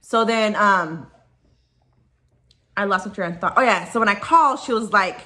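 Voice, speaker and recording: Female vlogger, bright voice, anxious rambling rant to camera. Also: medium pitch, normal speed. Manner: upset, rambling, swears freely. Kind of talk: casual personal vlog, venting. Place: at home, dog nearby.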